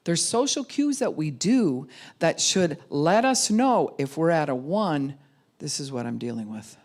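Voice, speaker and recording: A woman's voice: deep voice, expressive, normal speed, a little mellow. A middle-aged woman pastor giving a conversational sermon, acting out the people she quotes. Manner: conversational, acts out quoted voices. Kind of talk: sermon teaching.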